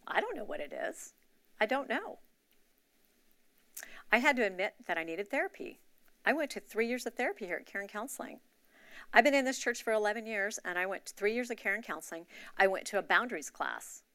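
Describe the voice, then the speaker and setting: Candid woman with a bright, forceful voice. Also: medium pitch, no room sound. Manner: candid, confessional, conversational. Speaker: church member sharing a testimony. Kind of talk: personal testimony to a congregation. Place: church gathering.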